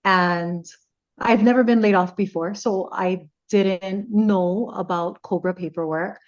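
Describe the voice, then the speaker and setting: A woman's voice: medium pitch, measured pace. A middle-aged woman, a radio personality telling a story in casual conversation and acting out the dialogue. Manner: animated retelling, acting out quoted dialogue. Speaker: radio personality, podcast guest. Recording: slightly muffled, lo-fi sound.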